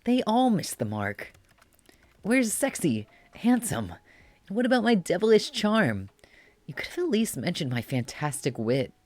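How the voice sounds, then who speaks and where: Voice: mid-range voice, big pitch swings, unhurried, no room sound, voice pushed up. A streamer voicing a bratty, arrogant young male Death in a raised, cute voice, reading game dialogue aloud. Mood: indignant. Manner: haughty, snippy, boastful.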